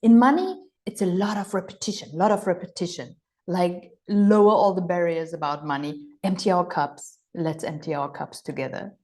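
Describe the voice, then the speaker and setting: A healing and money mentor whose first language is German leads a live online coaching session with enthusiasm, playful exclamations, and mock gushing voices. She speaks at normal speed with hardly any pauses, in a lowish voice with a darkish tone.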